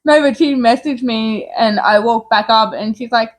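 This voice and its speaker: A young adult woman co-hosts a casual chat, telling a story at normal speed in a voice on the high side. She's animated and chatty, laughing often.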